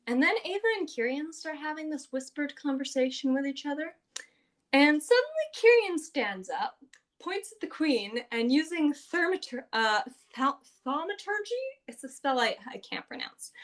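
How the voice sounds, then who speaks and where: A woman with a fairly high voice tells the story of a tabletop game session. She talks casually and chattily, with lots of fillers, and acts out quotes along the way. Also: animated, moderate pace, a bit bright. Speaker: podcast host recapping a tabletop game session.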